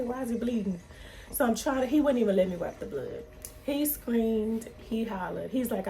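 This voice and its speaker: Animated woman telling a story, gravelly edge. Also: slight background noise. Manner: animated, acts out quotes with big pitch jumps. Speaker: vlogger. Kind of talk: casual storytelling.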